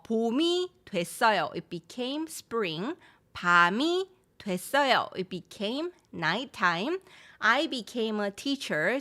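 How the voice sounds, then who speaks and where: Lively woman teaching a language. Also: medium pitch. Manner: explains in English, models Korean phrases quickly; reads viewer chat, laughs easily. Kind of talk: live-streamed language lesson.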